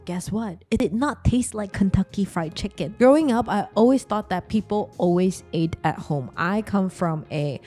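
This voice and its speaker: A woman's voice: mid-range voice, expressive, normal speed, hardly any pauses, mellow, soft background music. A young woman talking straight to her viewers in a chatty, slangy commentary vlog. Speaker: vlogger.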